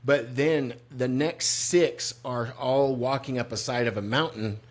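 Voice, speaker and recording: Animated older man telling stories. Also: medium pitch, a little slow. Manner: animated storyteller, mimics voices and laughs. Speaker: podcast co-host. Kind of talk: casual chat.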